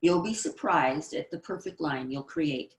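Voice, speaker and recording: A woman's voice: low voice, expressive, measured pace, reverberant. A woman giving a screenwriting presentation, explaining tips and reading out example lines. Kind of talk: instructional presentation.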